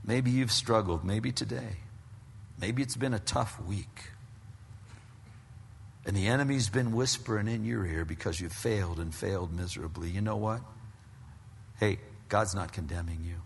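A man's voice: on the low side, normal speed, gravelly, pauses often, a little hiss or hum. A man preaching a sermon, telling a story and pressing his points with emphatic rises. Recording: long hall reverb.

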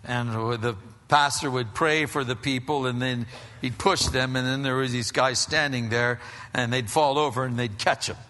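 Bright-voiced male pastor preaching in a hall. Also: medium pitch, normal speed. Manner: animated and conversational, with frequent restarts. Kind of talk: sermon.

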